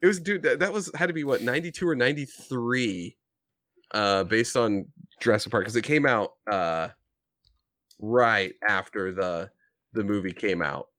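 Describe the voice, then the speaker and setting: A man's voice: fairly low pitch, moderate pace, a bit bright, dry recording. Podcast co-host, man in his thirties, dry close sound, laughing profane storyteller. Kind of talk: casual chat.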